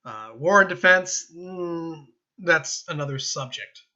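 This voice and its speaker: A man's voice: a little high, animated, slow pace, pushed and bright, dull audio. A young American man giving casual, rambling political opinions over gameplay, often chuckling and correcting himself. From United States. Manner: rambling, self-interrupting, with chuckles. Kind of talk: casual rambling commentary while gaming.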